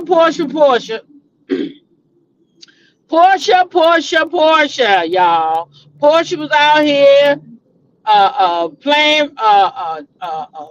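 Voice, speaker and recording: A middle-aged woman holds forth in a chatty gossip vlog, swinging into dramatic outbursts as she talks straight to her viewers. Her delivery is animated and familiar. The recording sounds dull and lo-fi. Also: high-pitched. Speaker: vlogger, show host. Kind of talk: casual celebrity gossip chat.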